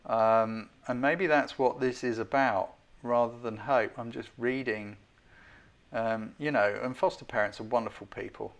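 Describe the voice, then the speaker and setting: A man's voice: medium pitch, fairly even intonation, measured pace. Chatty man critiquing photos live. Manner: chatty, keeps asking viewers' opinions; self-deprecating, hedging critic. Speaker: host giving photo feedback.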